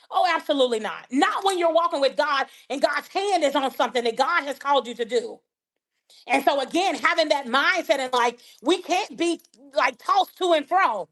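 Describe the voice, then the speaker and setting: A woman's voice: sits high, normal speed. A woman guest on a podcast, a life coach telling faith-filled stories and acting out the people in them. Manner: animated, acts out dialogue in her stories. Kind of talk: faith-based conversational storytelling.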